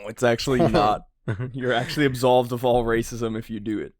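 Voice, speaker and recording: A man co-hosting a fan podcast, excitable and laughing a lot, with casual swearing. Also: mid-range voice, fairly quick, no room sound, clean studio sound. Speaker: podcast co-host.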